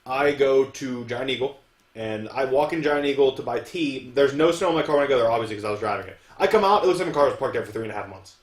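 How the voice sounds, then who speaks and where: A man's voice: medium pitch, fast. Een man met een die vloekend en levendig verhalen vertelt, gemiddelde toonhoogte, galmende kamer. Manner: profane, animated storyteller. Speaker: podcast co-host. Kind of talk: casual chat. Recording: roomy echoey room.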